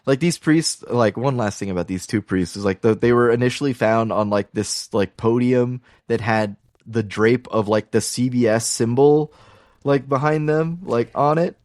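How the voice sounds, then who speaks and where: A man's voice: mid-range voice, moderate pace, a little mellow, no room sound. Man rambling a casual film recap, dry. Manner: rambling recap, constant "like" fillers. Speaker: podcast co-host.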